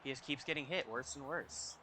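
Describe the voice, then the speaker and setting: Young male gamer, bright forceful voice, excitable play-by-play over faint music. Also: mid-range voice, fairly quick. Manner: excitable, reacting loudly to plays. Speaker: gaming YouTuber. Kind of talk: casual gameplay commentary.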